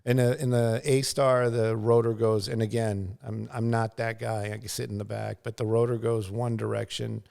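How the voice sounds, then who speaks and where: A man's voice: on the low side, little pitch movement, normal speed, gravelly, hardly any pauses, darkish tone. A middle-aged man, a news pilot and guest, telling a casual, rambling story full of fillers and restarts, and acting out sounds and quotes.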